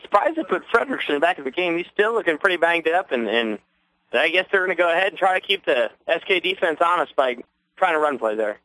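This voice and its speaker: A man's voice: a little high, big pitch swings, fast, sharp tone, rough recording. A man giving color commentary on a local radio broadcast of a ball game, easygoing and analytical as he breaks down the plays.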